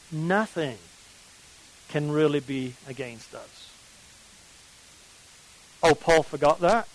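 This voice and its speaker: Emphatic English preacher, high voice. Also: male voice, fairly bright tone, no room sound, poor audio. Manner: emphatic, questions the audience. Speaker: preacher leading a morning Bible study. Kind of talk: sermon.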